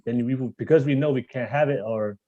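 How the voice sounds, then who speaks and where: A man's voice: medium pitch, brisk, no room sound, lo-fi sound. A man hosting a casual podcast, joking crudely and laughing often. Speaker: podcast host.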